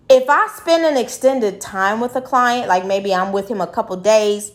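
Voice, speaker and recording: A middle-aged woman telling a personal story in a blunt, profane, rambling way, full of fillers. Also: medium pitch. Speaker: vlogger commenting on a news case. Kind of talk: casual storytelling commentary.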